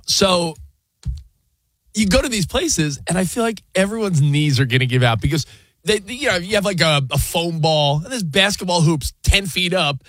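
A man's voice: sits high, moderate pace, no echo. A man co-hosting a sports radio show, rambling in casual banter with plenty of fillers. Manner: animated, rambling, with lots of fillers and sound effects. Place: radio studio. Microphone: studio mic.

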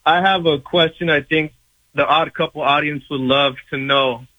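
A man's voice: a little high, steady tone, normal speed, sharp tone, no echo, rough recording. A man calling into a sports radio show, friendly and a little stumbling over his words. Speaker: caller. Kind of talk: call-in radio chat.

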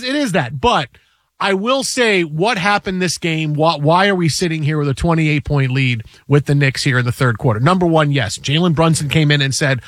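High-voiced man rambling through sports talk. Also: moderate pace, no echo, clean studio sound. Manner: rambling, repeats himself, animated. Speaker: sports talk show host.

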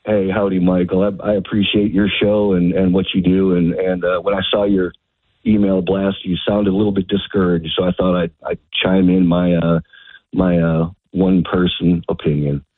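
A man in his fifties from Texas, a retired army sergeant calling in to a talk show, speaking haltingly with many fillers. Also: low-pitched, little pitch movement, no room sound. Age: 50s. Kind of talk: phone-in conversation. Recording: dry, tinny phone line.

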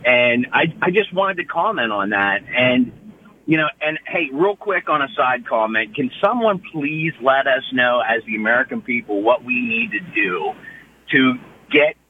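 A man's voice: medium pitch, lively intonation, moderate pace. A man from the area, calling in over a tinny phone line with faint hiss. He rambles, stacking up fillers as he talks. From Pittsburgh area. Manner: rambling, lots of "you know". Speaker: caller.

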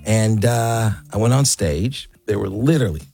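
A man in his sixties, an interview guest, telling an animated story and acting out the quotes. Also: on the low side, moderate pace, creaky. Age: 60s.

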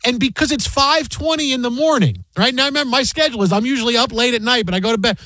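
A man's voice: very high-pitched, fast, no room sound. A man hosting casual sports talk radio, telling stories animatedly and acting out quotes. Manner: animated storyteller, acts out quotes loudly.

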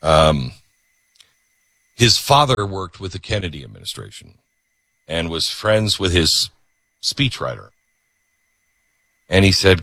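A man's voice: low voice, takes it slowly, long pauses, no echo. A man hosting a talk radio show, delivering an opinionated, mocking monologue. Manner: animated, mocking, switches to mimicking voices.

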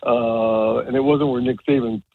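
A man in his seventies, a retired baseball coach, telling stories on a radio show in a rambling, animated way with many restarts. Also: medium pitch, moderate pace, husky. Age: 70s. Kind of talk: casual radio interview. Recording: tinny phone line.

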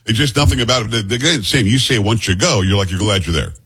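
A man hosting a radio talk show, teasing his co-hosts with quick questions. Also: on the low side, a bit bright, slightly rough. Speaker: host. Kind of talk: casual chat.

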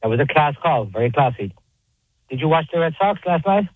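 A man calling in to a sports radio show, chatting and firing off quick questions to the host. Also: fairly high pitch, lively intonation, no echo. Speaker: caller. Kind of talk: radio call-in sports chat. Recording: husky voice on a tinny phone line.

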